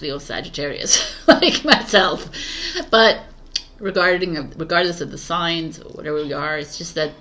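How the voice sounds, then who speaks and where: A woman with a low, bright, forceful voice reads tarot for her viewers in a casual spoken style, with slight noise in the background. She's giggly and scattered, laughing at herself as she loses her train of thought.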